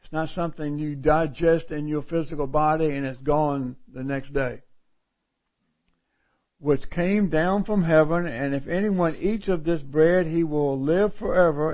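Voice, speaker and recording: A middle-aged man preaching a sermon, reading scripture aloud and explaining it in a folksy way, repeating phrases for emphasis. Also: a little high. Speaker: pastor. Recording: dull lo-fi recording.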